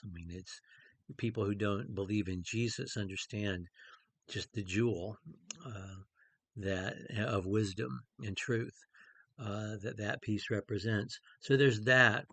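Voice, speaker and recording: A man's voice: fairly low pitch, creaky, fairly bright tone, no room sound. A middle-aged man preaching in a conversational way, with many fillers and restarts as he teaches a Bible passage. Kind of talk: informal Bible study talk.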